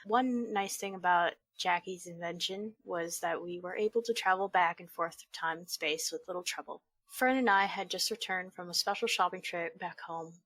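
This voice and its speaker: A woman's voice: lowish voice, normal speed, fairly bright tone, no room sound. A woman reading bad fanfiction aloud for laughs, stopping now and then to mock the text. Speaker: fanfiction reader. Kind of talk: comedic dramatic reading.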